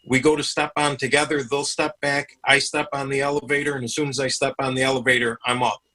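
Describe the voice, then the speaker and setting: A man's voice: mid-range voice, flat delivery, quick pace, sharp tone, rough recording. A man hosting an interview, explaining things in a chatty way and often repeating himself. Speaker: host. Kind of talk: conversational interview.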